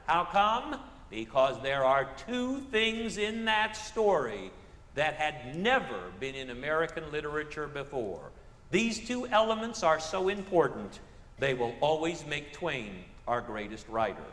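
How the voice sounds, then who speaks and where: A man lectures with a high, lively voice that swoops up and down as he poses rhetorical questions and drops dry comic asides. The sound is roomy, with a long hall reverb trailing each phrase. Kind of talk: public lecture on literature. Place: stage of a theater.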